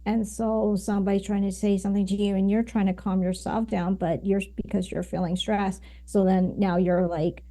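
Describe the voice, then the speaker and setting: A woman's voice: medium pitch, flat delivery, moderate pace, hardly any pauses, mellow. A woman guest on a podcast, explaining her ideas at length, with many fillers and "right?"s. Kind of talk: conversational interview.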